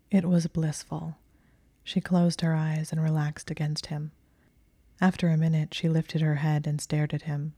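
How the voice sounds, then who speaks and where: A woman narrating a story in a soft, hushed, breathy reading. Her voice sits low and stays even, with a dark, mellow tone. The recording is close and dry. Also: dry recording. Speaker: audiobook narrator.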